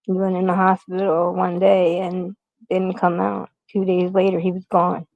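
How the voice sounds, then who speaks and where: A woman's voice: fairly low pitch, monotone, normal speed, a little mellow, dry recording, lo-fi sound. A middle-aged woman livestreaming on her phone from a hospital room. She rambles casually and keeps greeting viewers by name. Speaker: YouTube livestream host.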